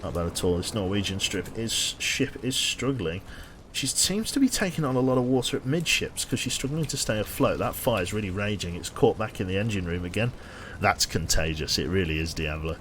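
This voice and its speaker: A man's voice: on the low side, expressive, fairly quick, a bit bright, slight background noise. A man giving dry, sardonic live commentary on his gameplay and chatting with viewers, swearing casually along the way. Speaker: game streamer.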